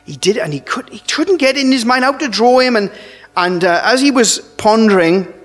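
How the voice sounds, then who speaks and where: Man, high voice, sermon, earnest, halting restarts, long hall reverb. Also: expressive, a bit bright. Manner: earnest, halting delivery with frequent restarts and emphatic rises. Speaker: preacher.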